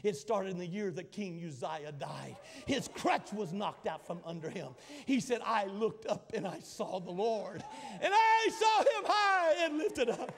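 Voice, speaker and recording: A pastor in his sixties delivers a fiery sermon, stacking repeated phrases until they break into shouts. His voice sits very high for a man and leaps up and down with lively swings. A long hall reverb trails after each line. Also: a little slow, creaky. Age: 60s. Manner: preaching with rising shouts and dramatic repetition.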